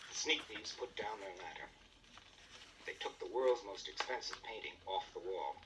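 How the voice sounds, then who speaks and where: A man narrating a children's storybook record with expressive storytelling. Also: fairly low pitch, normal speed, recorded from a distance, a little hiss or hum, low-quality recording.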